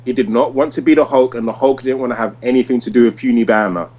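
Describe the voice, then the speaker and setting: A man in his thirties chats casually on a podcast, full of enthusiasm. He rambles and restarts often and leans on "like". His voice sits at an ordinary middle pitch. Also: fast, warm tone, lo-fi sound. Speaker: podcast host. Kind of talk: casual podcast review chat.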